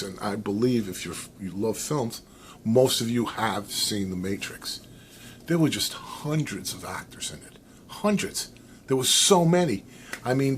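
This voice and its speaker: American guy vlogging his opinions, rambling, animated, faint background noise. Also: on the low side. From United States. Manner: rambling, animated, with many restarts and fillers. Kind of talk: casual opinion monologue.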